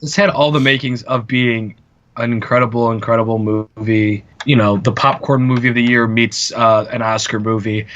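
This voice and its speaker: A man's voice: medium pitch, steady tone, normal speed, fairly bright tone, highs cut off. A man co-hosting a movie podcast in casual chat, talking with enthusiasm and often repeating words as he starts a thought. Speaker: podcast co-host.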